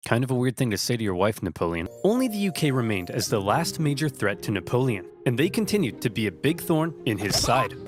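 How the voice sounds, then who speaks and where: Man, comedic history narrator, sarcastic, lively swinging pitch, music underneath. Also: a little fast, hardly any pauses. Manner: sarcastic, jumps between silly character voices. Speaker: narrator voicing every historical figure.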